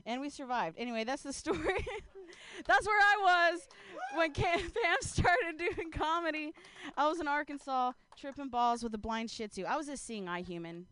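A woman's voice: high-pitched, expressive, moderate pace, fairly bright tone. A young woman comedian telling a rambling stand-up story on stage, full of fillers, laughing at her own jokes into a handheld mic.

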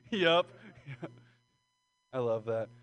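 A man's voice: medium pitch, animated, extremely slow, fairly bright tone, clean tone. A man doing a rambling, profane, self-deprecating stand-up set at an open mic. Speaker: stand-up comedian. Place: small comedy room with audience.

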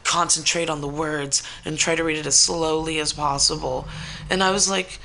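An American woman hosting a radio talk show, telling stories in a lively, profane way and acting out what people said. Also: low-pitched, moderate pace, creaky. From United States. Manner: animated, profane storytelling with acted-out quotes. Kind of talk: casual chat. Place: radio studio.

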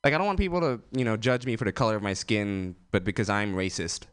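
A man's voice: fairly low pitch, fast talker, slight background noise. Rambling young-sounding stand-up man. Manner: rambling, self-deprecating, filler-heavy delivery. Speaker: stand-up comedian. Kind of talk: open-mic stand-up set.

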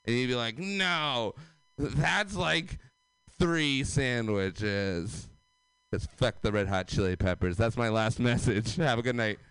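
A man doing deadpan stand-up with slow, absurd delivery. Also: lowish voice. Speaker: stand-up comedian. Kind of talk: stand-up set.

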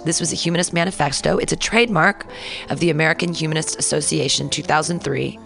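A young adult woman, a comedian hosting a podcast, who reads texts aloud and breaks into sudden excited outbursts. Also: deep voice, fast, creaky, soft background music. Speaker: podcast host and stand-up comedian. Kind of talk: casual podcast reading and commentary.

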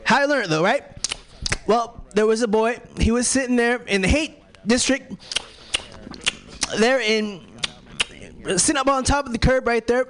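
A man doing a rambling stand-up bit at an open mic. He keeps tagging lines with "right?" and breaks into shouting yelps. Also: very high-pitched, moderate pace, pauses often. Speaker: stand-up comedian. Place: open mic comedy show.

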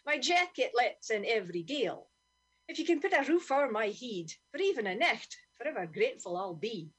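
A woman's voice: a little high, sing-song, normal speed, slightly rough. A woman voicing a weary, humble homeless man in his fifties, speaking in a broad Doric Scots accent. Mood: pleading. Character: homeless middle-aged tramp, weary and humble.

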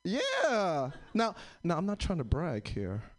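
Animated high-voiced male stand-up comedian. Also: slow. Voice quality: higher, unusual-sounding voice. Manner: animated, acts out voices of people in his stories. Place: live comedy venue with audience.

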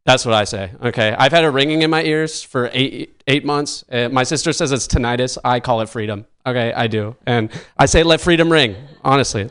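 A man's voice: mid-range voice, fairly bright tone, clean tone. A man doing a rambling, self-mocking stand-up set, filling his lines with likes and chuckles as he goes. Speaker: stand-up comedian.

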